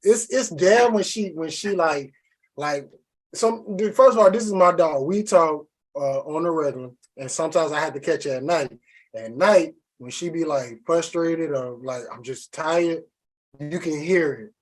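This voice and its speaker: A man hosting a podcast in casual chat, teasing and animated, in Southern slang. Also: fairly high pitch, normal speed, slightly rough. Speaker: podcast host.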